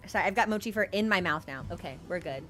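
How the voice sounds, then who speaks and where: A woman live-streams a video game, talking to her viewers in a chatty, rambling way and laughing easily. Her voice is on the low side, animated, quick and a bit bright, picked up by a wired headphone mic with faint music behind.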